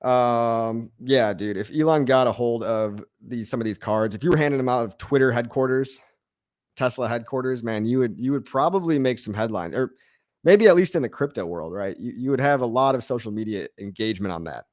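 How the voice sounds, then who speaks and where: A man's voice: mid-range voice, brisk, a little mellow, no room sound. Male host in his thirties, slangy, laid-back, laughs a lot, dry close sound. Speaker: crypto show host. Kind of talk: casual livestream Q&A.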